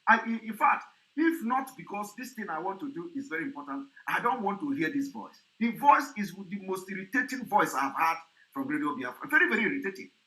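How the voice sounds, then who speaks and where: Male commentator, high and tense, mocking and repetitive. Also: very animated, brisk, pushed and bright, low-quality recording. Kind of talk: commentary vlog.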